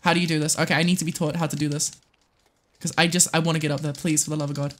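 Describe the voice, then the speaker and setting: Woman live-streaming a game, excitable commentary, lots of swearing, low mutters and squealing shrieks, fairly low voice. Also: rapid-fire. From United States.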